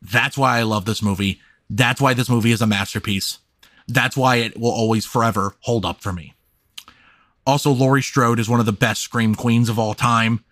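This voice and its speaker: Emphatic, swearing podcast host. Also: male voice, medium pitch, steady tone, moderate pace, fairly bright tone, no echo. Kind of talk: casual film discussion.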